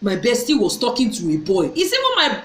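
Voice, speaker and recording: A woman's voice: fairly high pitch, wildly swooping pitch, fairly quick, fairly bright tone. A middle-aged woman tells a personal story to her viewers, earnestly, often repeating and restarting her phrases. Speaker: vlogger. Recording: echoey room.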